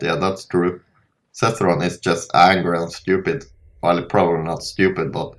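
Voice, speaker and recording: Low-voiced young man casually playing a game. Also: measured pace. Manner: relaxed, rambling, self-interrupting. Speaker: let's play host. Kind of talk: casual gameplay commentary, reading dialogue aloud.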